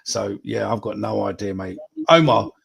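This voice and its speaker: A man's voice: fairly low pitch, moderate pace, gravelly, fairly bright tone, slightly rough. A man, hosting a casual live podcast chat, swearing freely as he reads out viewer predictions. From England. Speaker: podcast host.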